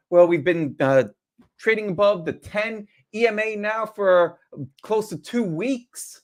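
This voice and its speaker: A man's voice: sits high, expressive, normal speed. A man hosting a live trading stream, chatty and casual, asking rhetorical questions and greeting viewers as they join.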